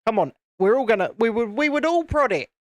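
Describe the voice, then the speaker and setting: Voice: medium pitch, animated, brisk, no echo, clean studio sound. A British host chatting wryly with a live chat while building a model, teasing and joking. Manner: wry, teasing banter with the chat.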